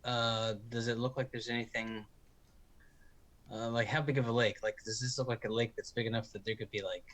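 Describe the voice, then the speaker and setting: A man's voice: mid-range voice, level tone, fairly quick, fairly bright tone. A man playing a tabletop game in casual chat, asking many questions. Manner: inquisitive, asks many questions. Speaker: player.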